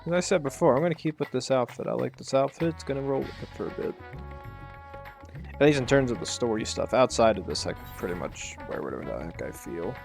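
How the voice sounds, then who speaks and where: A man's voice: mid-range voice, animated, quick pace, vocal fry, over music. A man giving casual, rambling commentary while playing a video game. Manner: laid-back, rambling. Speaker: gaming channel host.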